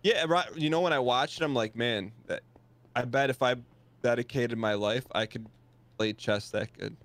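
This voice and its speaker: A man's voice: medium pitch, moderate pace, fairly bright tone, dry recording. A man from Michigan with an ordinary mid-range voice chats casually over a game session. He keeps the talk going with curious, probing questions. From Michigan, USA. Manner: curious, asks lots of questions. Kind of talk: casual chat while gaming.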